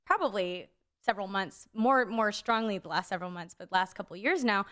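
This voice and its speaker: A young woman in casual podcast chat who rambles through a story, padding nearly every phrase with "like" and "um." Her voice sits at an ordinary middle pitch for a woman, relaxed and conversational. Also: a little fast. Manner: rambling, many "like" fillers. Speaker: podcast co-host.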